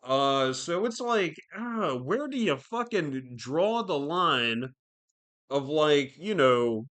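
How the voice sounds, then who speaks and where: Hosting a podcast on his own, a man rambles through casual commentary, swearing constantly and leaning on fillers. His voice is a little high, somewhat bright and expressive, and he speaks slowly.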